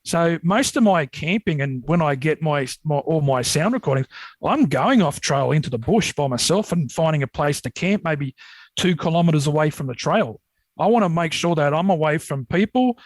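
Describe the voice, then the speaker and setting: Australian man, casual rambling yarns, slightly high voice, dry studio mic. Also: no echo, rough recording. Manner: rambling, animated when retelling scares. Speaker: podcast guest, Yowie researcher. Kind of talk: casual storytelling.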